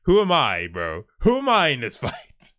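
A man's voice: medium pitch, wildly swooping pitch, normal speed, a bit bright. A man livestreaming who chats casually with his viewers, laid-back and often chuckling as he reacts to their posts. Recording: stream with faint background music.

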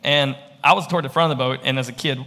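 A man's voice: mid-range voice, steady tone, fast, sharp tone. A man preaching a storytelling sermon in a conversational, rambling way, often checking in with the listeners. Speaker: pastor. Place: church. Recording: echoey church hall.

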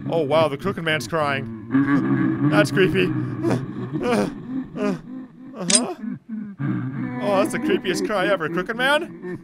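A man giving jokey let's-play commentary on a horror game, reacting loudly and reading notes aloud. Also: a little high, slow pace, gravelly, pauses often, heavy background noise. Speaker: gamer playing a horror game. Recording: loud game music behind voice.

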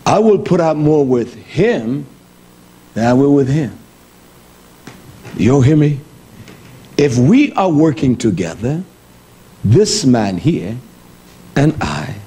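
Husky, animated male preacher. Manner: lively, blunt preaching with swings from high exclamations to low mutters. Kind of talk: sermon.

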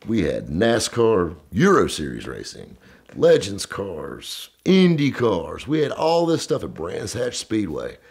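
A man's voice: on the low side, wildly swooping pitch, slow, vocal fry, a little mellow, slightly rough. A man telling a story casually, drawling and full of "you know" fillers. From American South. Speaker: storyteller guest.

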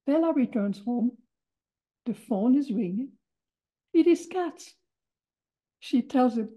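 Lady in her 80s from belgium reading her memoir talk, very slow, dull lo-fi audio. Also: fairly high pitch, lively intonation, dark tone, slightly rough. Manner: measured, deliberate. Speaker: Holocaust survivor speaker. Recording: dull lo-fi recording.

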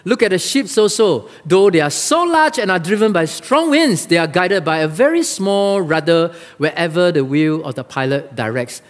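A male pastor preaching a sermon in a church, lively and acting out the Bible quotes. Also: moderate pace, few pauses. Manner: animated, acts out Bible quotes with rising pitch. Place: church sanctuary. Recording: long reverb of a large hall.

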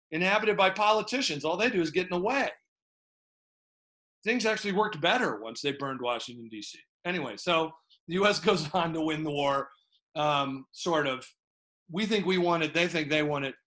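A man teaching an online history class in an animated, joking, rambling way over a video call. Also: a little high.

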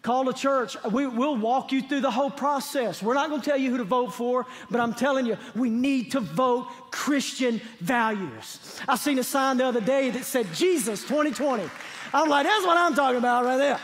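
High-voiced pastor in echoing hall. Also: male voice, normal speed, hardly any pauses. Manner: conversational preaching that swells into fervent emphasis. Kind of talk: sermon. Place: church sanctuary. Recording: long hall reverb.

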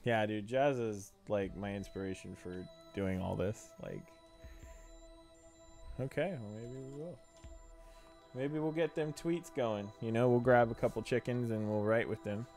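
A man's voice: fairly low pitch, unhurried, a little mellow, faint music behind. A man hosting a live drawing stream, chatting casually and laughing often. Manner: jokey, laughs often, puts on silly voices. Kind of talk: casual chat while drawing.

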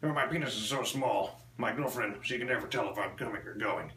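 A man doing a crude stand-up comedy set, delivering deadpan one-liners on a small club stage. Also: lowish voice, quick pace, background noise. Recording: echoey room with faint ambience.

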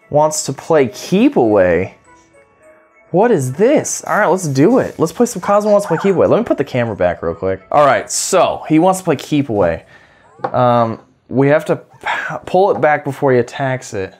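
Chatty low-voiced woman, gushing. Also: very animated, fairly quick, darkish tone, soft background music. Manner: chatty, gushing, baby-talks to the robot. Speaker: toy reviewer. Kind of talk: casual hands-on demo.

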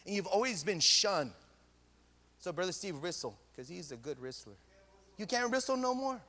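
A man preaching a sermon as pastor, animated and repeating phrases, in a church hall. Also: high-pitched, normal speed.

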